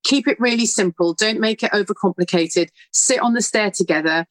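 A middle-aged woman, a guest telling stories in an earnest, animated way. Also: medium pitch, a little fast, no room sound. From United Kingdom. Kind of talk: conversational interview answer.

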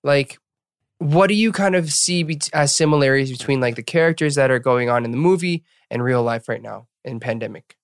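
A man's voice: medium pitch, fairly quick, no echo, studio quality. A man co-hosting a casual chat, easygoing and reflective, steering the conversation to new topics. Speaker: podcast co-host.

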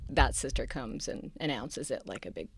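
A woman's voice: rumbling low, lively intonation, moderate pace. Queens-accented woman, chatty interview guest. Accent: New York (Queens). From Queens, New York. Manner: chatty, laughs often, many restarts. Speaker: guest actress. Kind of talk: casual interview chat. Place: studio. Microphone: studio mic.

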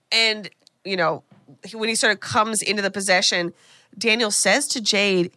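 Bright-voiced chatty woman podcast host. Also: mid-range voice, dry recording. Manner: animated, chatty, full of "like" and quick asides. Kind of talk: casual chat recapping a film.

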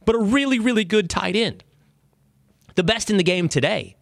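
A man's voice: high-pitched, expressive, moderate pace, vocal fry, dry recording, clean studio sound. A man hosting a show, giving emphatic, conversational sports opinion commentary. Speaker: show host.

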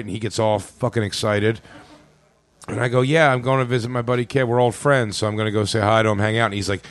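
A man's voice: mid-range voice, fairly quick, dry recording. A man, a comedian guest on a podcast, telling a funny anecdote with laughs and quoted voices. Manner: animated anecdote with laughs, quoting people in voices. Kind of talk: podcast storytelling.

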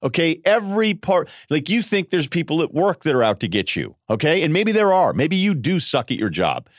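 A man hosting a sports podcast, riffing in an animated, sarcastic solo monologue and mimicking people in quick voices. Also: on the high side, no room sound, clean studio sound. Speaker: podcast host.

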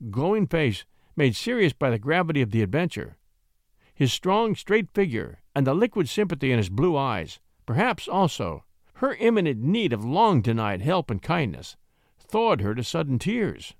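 A man narrating a classic short story in an expressive, measured reading. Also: a little high, no echo, studio quality.

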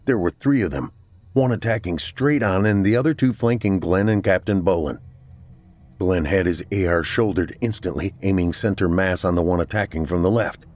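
A man reading a scripted horror story aloud in a measured, unhurried way. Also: deep voice, a little mellow, dry recording. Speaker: narrator.

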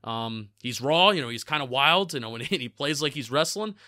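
A man's voice: medium pitch, animated, moderate pace, bright, forceful tone, no echo, clean studio sound. A man with a New Jersey accent, talking casually as a co-host in a chatty, loose way, often restarting his words. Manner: chatty, restarts words, laughs at own slips. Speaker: co-host of a football draft podcast. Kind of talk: casual sports analysis chat.

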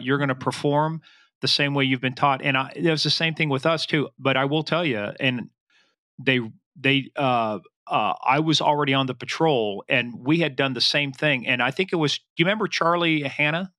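Male podcast host, bright forceful voice, chummy, dry sound. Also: medium pitch, moderate pace, dry recording. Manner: eager, chummy, asks leading questions. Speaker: podcast host, former trooper. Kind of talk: casual interview chat.

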